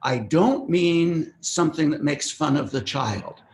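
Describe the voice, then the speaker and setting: A man's voice: fairly high pitch, expressive, a little slow, darkish tone. An older man giving a conversational, easygoing parenting talk in an online meeting, with friendly asides as he teaches. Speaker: parenting workshop presenter. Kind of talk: webinar talk. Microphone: web meeting microphone.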